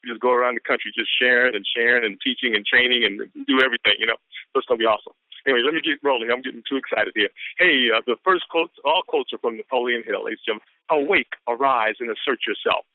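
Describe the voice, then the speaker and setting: A man's voice: medium pitch, animated, fast, no echo. A man giving an exuberant, repetitive motivational pep talk on a business conference call, whooping often. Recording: tinny phone line.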